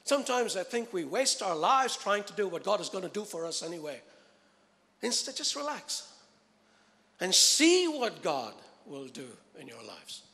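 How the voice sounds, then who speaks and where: A man preaching a sermon, emphatic and repetitive, swinging from loud, driving lines to hushed, slow ones. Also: sits high, very animated, big-room sound.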